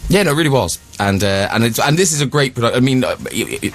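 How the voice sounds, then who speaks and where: A man chats as a radio guest, rambling and mocking himself. His voice is mid-pitched but moves a lot, with plenty of lift and fall. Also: animated, fast talker. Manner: self-deprecating, laughing, rambling. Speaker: guest performer. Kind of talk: casual interview chat.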